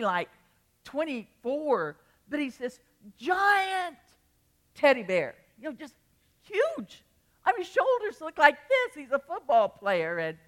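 Older lady pastor preaching, kinda high voice, rambly story with big emotional bursts. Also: a bit bright. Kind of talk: sermon.

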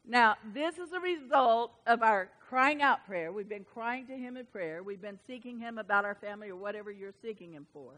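A woman's voice: fairly high pitch, expressive, moderate pace, few pauses, a bit bright. A woman preaching a sermon to women, passionate and emphatic, breaking into exclamations and rising bursts.

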